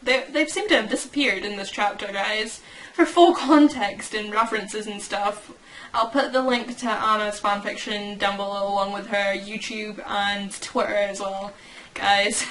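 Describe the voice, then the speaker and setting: A woman's voice: mid-range voice, steady tone, a little slow, fairly bright tone, slight background noise, poor audio. A young woman hosting a fan channel, reading and reacting in a casual, rambling way, giggling and stopping to correct herself.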